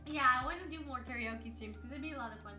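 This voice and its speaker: High-pitched, quick and sharp-toned, a tired female streamer rambles casually while reading chat. She laughs frequently and slips into playful outbursts. The recording sounds roomy, with music underneath.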